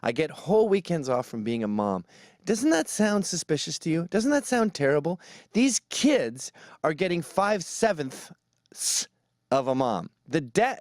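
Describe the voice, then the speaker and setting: A man's voice: on the high side, dry recording, clean studio sound. A man giving a sarcastic, ranting comedic commentary, mocking as he goes. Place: New York.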